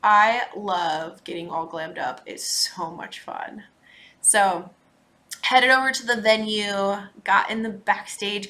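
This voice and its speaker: A woman from Minnesota hosts her podcast in a casual, chatty recap. Her voice is bright and forward at a middle pitch. She talks in lively bursts and drops into quiet asides. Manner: chatty, animated, frequent laughs and asides. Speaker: podcast host.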